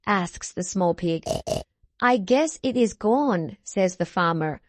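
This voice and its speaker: Slow, clear storybook-reading woman. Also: medium pitch, lively intonation, no room sound. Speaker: preschool teacher reading aloud. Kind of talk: children's read-along.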